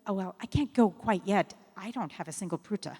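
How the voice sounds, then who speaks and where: A woman voicing a humble, trusting male innkeeper who speaks calmly and haltingly in a told story. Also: medium pitch, breathy edge. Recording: long reverb of a sanctuary.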